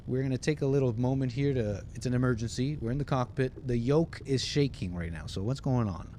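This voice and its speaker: A man's voice: mid-range voice, brisk, dark tone, slight background noise. Playful man doing mock pilot patter. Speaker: livestream host reading viewer chats. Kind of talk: casual livestream banter with mock airline-pilot role-play.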